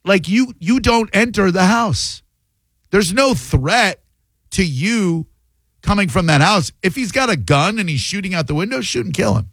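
A man's voice: sits high, animated, moderate pace, a bit bright, no room sound, poor audio. A man hosting a call-in radio talk show, speaking in an emphatic, opinionated and jokey way.

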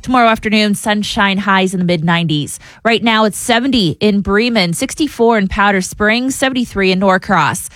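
A woman meteorologist giving a brisk radio weather forecast. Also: mid-range voice, fairly bright tone, dry recording.

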